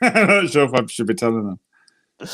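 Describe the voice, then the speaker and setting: Male co-host, mid pitch, dry teasing banter. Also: very animated, measured pace, a bit bright. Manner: dry, teasing, laughs at jokes. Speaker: co-host of a music live stream. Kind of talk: casual chat.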